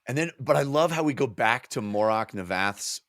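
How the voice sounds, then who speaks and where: Man, podcast co-host, casual book chat, lively swooping pitch, dry close sound. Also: normal speed, no echo. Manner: animated, enthusiastic retelling with many fillers and restarts.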